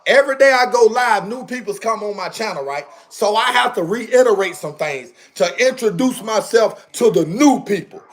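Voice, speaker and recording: A man hosting a casual livestream from home, talking straight to his viewers in a fired-up, repetitive rant. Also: high-pitched. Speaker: livestream host. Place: indoors at home on camera.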